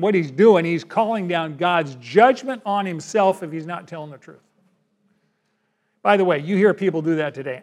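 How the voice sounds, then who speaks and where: A man's voice: high voice, lively intonation, moderate pace. A man, a pastor, preaching a sermon in a folksy, conversational way.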